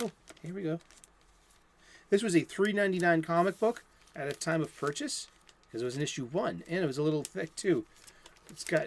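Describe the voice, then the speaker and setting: Male comic book host, unscripted home chat, rambling and upbeat, lo-fi sound, voice sits a little high. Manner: rambling, enthusiastic, many restarts and fillers. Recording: lo-fi home recording.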